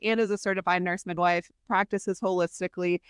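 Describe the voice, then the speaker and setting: A woman's voice: on the low side, steady tone, a little fast, smooth, no echo, clean studio sound. A woman from Chicago hosting a health podcast, upbeat and chatty as she introduces the show and her guest. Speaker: podcast host, nurse practitioner. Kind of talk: podcast intro and casual interview.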